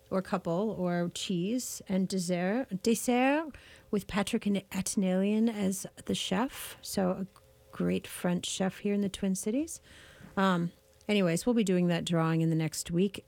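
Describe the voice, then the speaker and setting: A woman's voice: mid-range voice, a little slow, a little mellow, no room sound. Chatty woman co-hosting radio in a dry studio. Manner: chatty and effusive. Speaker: radio co-host. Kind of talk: casual radio chat.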